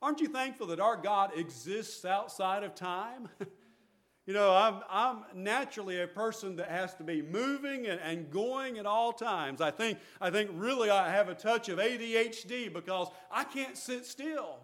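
A man's voice: sits high, animated, normal speed, a bit bright. A man preaching a sermon, reading scripture aloud and explaining it with earnest restarts. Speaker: pastor.

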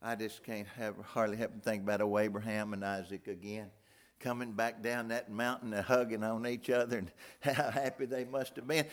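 An older man preaching a sermon in a folksy way, swinging from loud outbursts down to hushed near-whispers. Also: fairly low pitch, little pitch movement, moderate pace.

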